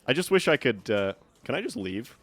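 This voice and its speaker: A man's voice: medium pitch, big pitch swings, brisk, fairly bright tone, dry recording. Joking male game streamer. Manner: chatty, joking, thinks aloud. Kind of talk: live gameplay commentary.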